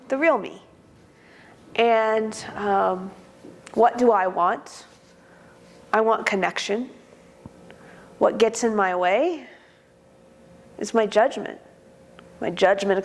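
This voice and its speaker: A woman, an attorney, calmly setting up a monologue exercise in a measured way. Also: mid-range voice. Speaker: attorney in a workshop.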